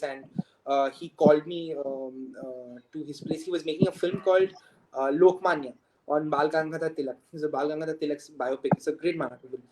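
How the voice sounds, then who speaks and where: Talkative Indian English man, noisy recording. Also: fairly high pitch. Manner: very talkative, laughs often mid-story. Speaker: film director, guest. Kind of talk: casual storytelling.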